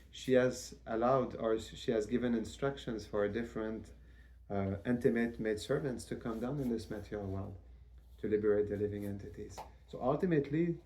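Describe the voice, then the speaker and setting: A man giving a devotional lecture as a spiritual teacher, in a measured, reverent way with frequent restarts. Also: on the low side, darkish tone, a little hiss or hum.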